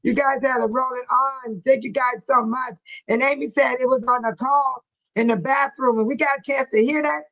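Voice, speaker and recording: A woman's voice: high voice, fairly even intonation, normal speed, fairly bright tone, low-quality recording. A woman hosting a casual livestream, talking straight to her viewers and laughing often. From Texas. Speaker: livestream host.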